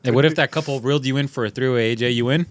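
A man's voice: mid-range voice, racing, a little hiss or hum. A man co-hosting a podcast, trading crude jokes and laughing through bawdy stories in casual banter. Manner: laughing, bawdy, animated storytelling. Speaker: podcast co-host.

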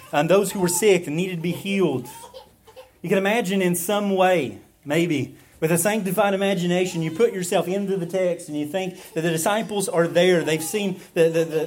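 A man's voice: sits high, darkish tone. A man preaching an expository sermon, asking rhetorical questions and using frequent fillers. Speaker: pastor.

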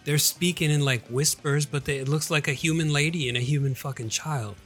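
A young man on a casual podcast, describing scenes in a relaxed way. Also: on the high side, fairly quick, faint music behind. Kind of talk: casual chat.

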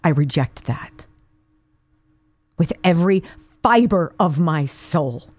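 A woman's voice: low voice, expressive, slow, a little mellow, no room sound. A woman hosting a talk radio show, delivering an indignant opinion monologue full of rhetorical questions. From Pittsburgh area.

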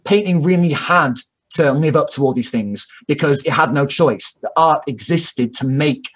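A man's voice: a little high, normal speed. A man talking at length in a casual, opinionated way, full of fillers and restarts and the odd swear word. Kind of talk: casual discussion.

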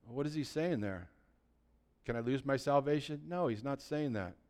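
An animated pastor with a mid-range voice preaches at normal speed. He spurs on his listeners with funny asides, going back and forth between hushed remarks and loud, fervent bursts.

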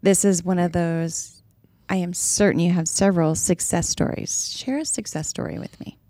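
A woman's voice: fairly low pitch, steady tone, normal speed, dark tone, dry recording. A woman hosting an interview, encouraging her guest and prompting her with questions. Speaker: podcast host.

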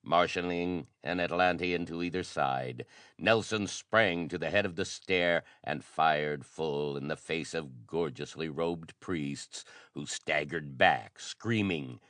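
Deep male audiobook narrator, dramatic reading, dry studio sound. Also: slow pace, fairly bright tone, no echo. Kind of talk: audiobook reading of pulp adventure fiction.

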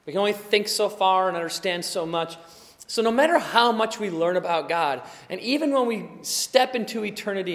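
A man preaching a sermon, emphatic, swinging between quiet explanation and loud exclaiming. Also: sits high. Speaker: pastor. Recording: long hall reverb.

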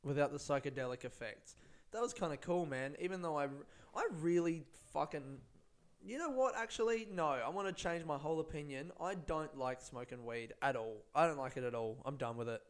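A man's voice: a little high, expressive, brisk, clear, resonant tone. A young man, a stand-up comedian, rambling laid-back through a casual solo podcast on a close microphone, swearing often.

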